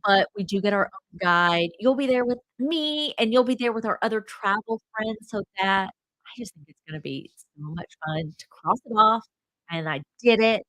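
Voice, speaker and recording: A woman's voice: mid-range voice, lively intonation, normal speed, fairly bright tone, dry recording, poor audio. A woman hosting a casual travel livestream, chatty and rambling with lots of fillers, a bit stuffy from a cold. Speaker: travel channel host.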